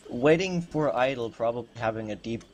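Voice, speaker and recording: A man's voice: mid-range voice, brisk. A man casting an online game match and interviewing players, thinking aloud in an upbeat, chatty way over a headset. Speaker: tournament caster. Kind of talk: live game commentary and interview.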